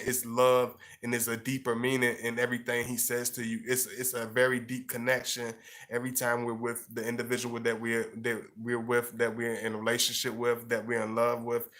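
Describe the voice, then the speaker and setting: A man's voice: mid-range voice, a bit bright. A man giving casual relationship advice to camera, rambling with lots of fillers and repeats. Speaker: relationship and astrology advice vlogger.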